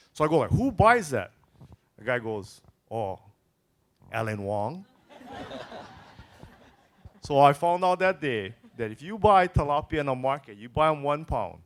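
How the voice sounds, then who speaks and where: A man telling chatty anecdotes as a panelist at an event. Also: mid-range voice. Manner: chatty anecdotes with quoted dialogue. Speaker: panelist, former farm bureau president. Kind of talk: casual storytelling on a panel.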